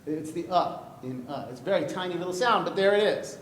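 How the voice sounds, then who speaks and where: A man teaching a class on poetry, lively and jokey, putting questions to his students. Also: a little fast. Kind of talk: classroom lecture on verse. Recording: echoey room with light rumble.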